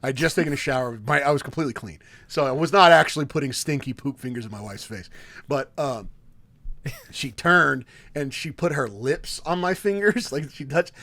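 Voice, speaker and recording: Speaking at a normal speed in a mid-range voice, this thirtysomething podcast co-host chats casually. He's an animated storyteller who frequently laughs in the middle of sentences.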